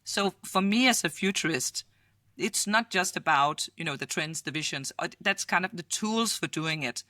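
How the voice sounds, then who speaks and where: A woman futurist guest from Denmark, telling lively stories and acting out quotes with frequent laughter. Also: lowish voice, moderate pace, dry recording, studio quality. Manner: animated storyteller, acts out quotes, laughs often. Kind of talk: storytelling in conversation.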